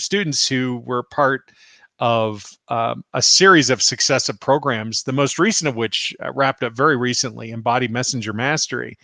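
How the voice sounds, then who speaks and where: This American spiritual teacher and healer has a mid-range voice, recorded with no echo. Live-streaming, he fields viewer questions and retells stories with animation, laughing often.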